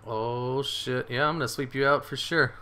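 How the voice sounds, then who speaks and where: A man giving excitable live commentary on his game, swearing and cheering his moves as he plays. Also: medium pitch, normal speed, clear, resonant tone. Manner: excitable, swears, laughs often. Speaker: gaming streamer.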